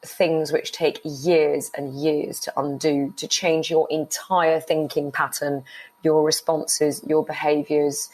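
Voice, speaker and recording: A woman's voice: low-pitched, little pitch movement, slow, a little mellow, rough recording. A middle-aged woman speaking candidly as an interview guest about a painful relationship, at times close to tears. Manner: emotional, voice breaking toward tears. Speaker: guest, writer.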